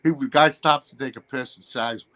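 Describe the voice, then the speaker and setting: A man's voice: mid-range voice, steady tone, moderate pace, bright, forceful tone. A man as an interview guest, telling crude stories in a rambling way and laughing through them. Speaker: guest, wrestler. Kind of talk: casual storytelling interview.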